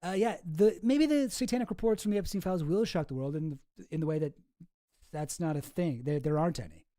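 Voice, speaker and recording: A man's voice: on the high side, fast, mellow, no echo, clean studio sound. A man streaming, casually reacting to clips with sarcastic, rambling commentary and many restarts.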